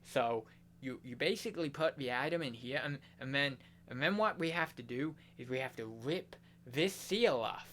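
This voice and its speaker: A man's voice: medium pitch, a bit bright, a little hiss or hum, natural voice. A man doing a put-on American accent, playing a mock-serious man explaining step by step how to pack a parcel. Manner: slow, over-explaining, mock tutorial tone.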